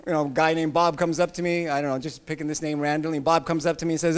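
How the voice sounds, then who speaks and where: A man's voice: on the high side, little pitch movement, quick pace, few pauses, smooth. A male pastor preaching a sermon with emphatic repeats and joking asides.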